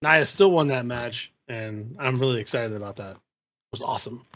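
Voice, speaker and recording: A man co-hosting a wrestling podcast in casual chat, excited and stammering as he chimes in. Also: mid-range voice, normal speed, no room sound, lo-fi sound. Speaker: podcast co-host.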